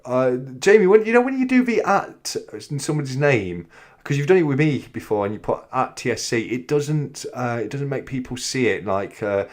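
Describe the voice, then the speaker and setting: A man hosting a casual livestream, chatting and reading out comments from viewers. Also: mid-range voice. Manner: chatty, friendly, lots of fillers. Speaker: host.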